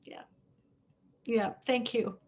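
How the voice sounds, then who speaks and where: A woman's voice: slow, a little mellow. A woman chatting in an online study group, telling a story with easy laughter over a video call. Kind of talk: casual sharing in an online group.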